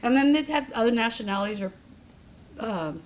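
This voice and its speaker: A woman's voice: a little high, expressive, brisk, a little hiss or hum. A woman in her fifties telling her own story to a support group with wry, self-mocking humor. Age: 50s. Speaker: comedian. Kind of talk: personal talk with humor. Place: hospital meeting room.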